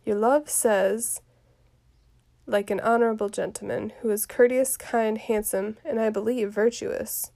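A woman reading the part of a fussy, complaining old nursemaid aloud from a play, grumbling in a quiet voice. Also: fairly high pitch, fairly even intonation, moderate pace, vocal fry, hardly any pauses.

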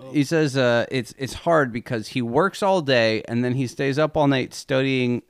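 A man's voice: medium pitch, moderate pace, clear, resonant tone, no echo, clean studio sound. A man on a podcast, casually retelling a film's scenes with frequent laughs. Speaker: podcast co-host. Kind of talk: casual chat recapping a film.

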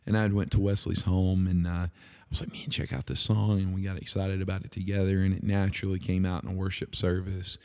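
A man with a low, gravelly voice shares his faith in a relaxed podcast talk. He speaks earnestly, circling back with fillers and restarts as he thinks aloud. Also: a little fast. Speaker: podcast host and worship leader. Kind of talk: casual devotional talk.

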